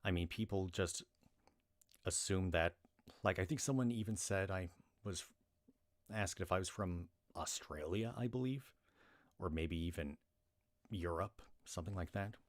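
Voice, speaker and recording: A man's voice: sits low, a little slow, pauses often. An American man chatting casually on his livestream, rambling with many restarts and fillers. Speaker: livestream reader.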